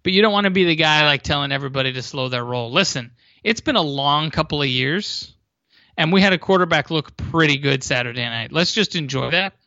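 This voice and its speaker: A man's voice: fairly high pitch, lively intonation, brisk, pushed and bright, no room sound, highs cut off. A man co-hosting a sports podcast in casual chat, rambling and restarting his sentences.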